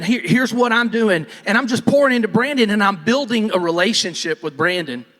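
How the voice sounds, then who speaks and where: A man's voice: high-pitched, lively intonation, brisk, few pauses, sharp tone. A man, giving a folksy, rambling motivational talk on stage and often restarting his sentences. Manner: folksy, rambling, self-interrupting. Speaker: real estate team leader speaking on stage. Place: large conference hall. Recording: long reverb of a large hall.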